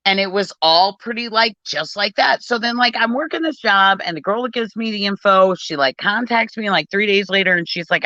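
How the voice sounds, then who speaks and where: A woman's voice: mid-range voice, brisk, few pauses, dry recording. Brassy woman telling a swearing story. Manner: animated, swearing, acts out dialogue. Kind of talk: casual storytelling. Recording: dull lo-fi phone recording.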